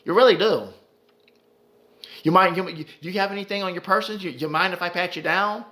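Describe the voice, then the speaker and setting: A man's voice: high-pitched, fairly quick, bright, forceful tone. A man voicing a nosy, mocking male police officer who fires off prying, stammering questions. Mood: badgering.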